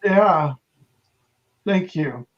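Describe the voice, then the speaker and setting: A man with a high voice hosts a relaxed livestream chat, talking slowly and laughing along easily with his guest. The audio is dull and lo-fi, with a muffled top end. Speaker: livestream host.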